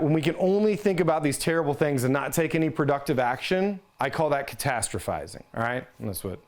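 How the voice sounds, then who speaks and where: A man giving an instructional talk on resiliency, conversational and plain-spoken, checking in with listeners as he explains. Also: mid-range voice. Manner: conversational, ends points with "right?". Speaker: resiliency trainer.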